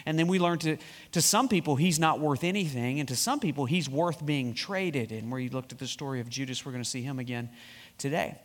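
A male pastor preaching and reading scripture, emphatic, slowing down to stress key words. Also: medium pitch. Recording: long reverb from a hall.

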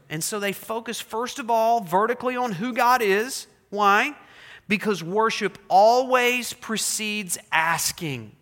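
Pastor, male, high bright voice, dramatic sermon delivery, reverberant sanctuary. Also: unhurried. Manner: preaching with dramatic voiced prayers, rising and dropping loudness.

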